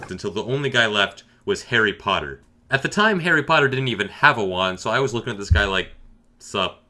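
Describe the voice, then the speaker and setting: Dry deadpan guy spinning a silly gaming yarn, bright voice, pitch jumping around a lot. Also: fast talker, hardly any pauses, slight background noise. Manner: dry, deadpan, matter-of-fact. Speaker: gaming storyteller. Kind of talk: deadpan comedic storytelling.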